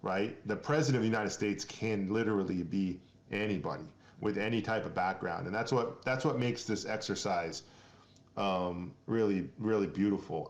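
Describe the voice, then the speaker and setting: A man from Maine talks as a guest on a casual podcast, earnest and rambling, often restarting his sentences. His voice sits low. The room adds a noticeable echo. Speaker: guest, company founder.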